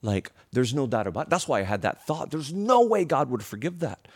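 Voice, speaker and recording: A male preacher telling a story in a sermon, animated and emotional, often restarting his words. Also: medium pitch, brisk, slightly rough.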